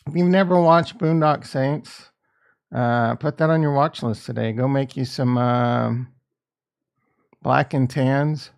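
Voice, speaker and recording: A man's voice: mid-range voice, takes it slowly, vocal fry, clean tone. A man streaming live, thinking aloud as he trades crypto, with a rambling, casual and profane manner. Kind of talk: casual livestream chat.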